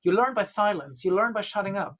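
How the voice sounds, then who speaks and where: An animated man with a high, slightly bright voice talks at a quick pace. As a guest and Gnostic bishop, he tells a long story in casual conversation, rambling and leaning heavily on "you know" and "um."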